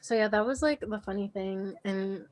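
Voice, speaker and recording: A young woman co-hosting a podcast, chatting casually and telling an animated story full of "like" and acted-out quotes. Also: medium pitch, moderate pace. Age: young adult. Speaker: podcast co-host. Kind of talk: casual chat.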